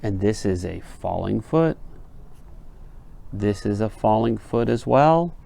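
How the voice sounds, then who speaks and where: A man's voice: fairly low pitch, expressive, takes it slowly, creaky, mellow. A man teaching literature in an explanatory lecture, reading verse lines aloud and checking in with his listeners.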